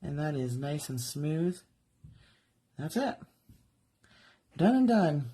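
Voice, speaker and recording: A woman's voice: low-pitched, very animated, takes it slowly, dark tone, a little hiss or hum. A woman doing a live craft demonstration from her studio, chatting and thinking aloud as she works. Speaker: jewelry artist demonstrating live. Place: home art studio.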